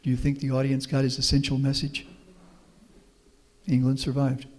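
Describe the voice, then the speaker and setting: His voice is mid-range and darkish, delivered in a monotone at normal speed. The speaker is a middle-aged professor from Houston, Texas, invited as a guest to give a folksy, anecdotal public talk and answer audience questions. The room is a meeting hall with long reverb.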